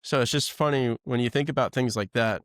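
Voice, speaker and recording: A podcast co-host chats casually, telling stories as an animated storyteller who acts out quoted voices with lively flair. His voice is mid-range and fairly quick, with clean studio sound and no room sound.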